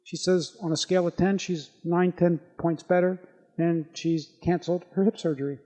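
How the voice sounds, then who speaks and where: High-voiced man telling an animated story. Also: normal speed, long reverb tail. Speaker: doctor giving a talk. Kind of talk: live talk to an audience.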